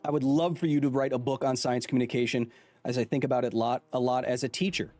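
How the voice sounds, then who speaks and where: A man's voice: medium pitch, fairly even intonation, fast, a little mellow, no room sound, faint music behind. Playful man chatting on a live stream. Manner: playful, joking, reads chat aloud. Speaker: host. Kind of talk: casual live-stream chat.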